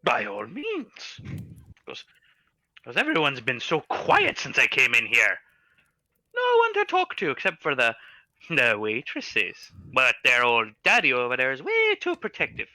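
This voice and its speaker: A man's voice: wildly swooping pitch, unhurried, pushed and bright, dry recording, exaggerated voice. A man voicing a cheerful, tipsy little male gnome in a tabletop game, chatty and jovial. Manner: chatty, jovial, squeaky high voice. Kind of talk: tabletop game role-play.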